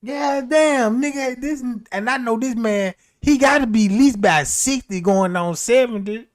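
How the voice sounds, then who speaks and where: Man streamer, high voice, casual profane storytelling, loose and rambling. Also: moderate pace. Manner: rambling, profane, laughs often.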